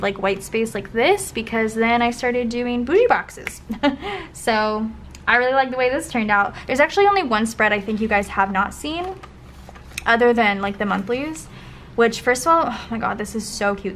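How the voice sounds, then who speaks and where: A young woman flipping through her old planner spreads in a casual vlog, often trailing into soft, breathy gushing asides. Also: on the high side. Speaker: planner vlogger. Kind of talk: casual flip-through commentary. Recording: faint background noise.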